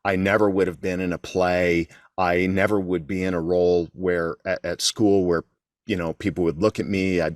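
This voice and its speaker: A man's voice: sits low, no echo, studio quality. A middle-aged man, a guest on an interview show, telling a candid story about himself with frequent restarts. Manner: candid, self-deprecating, with restarts. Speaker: guest, keynote speaker.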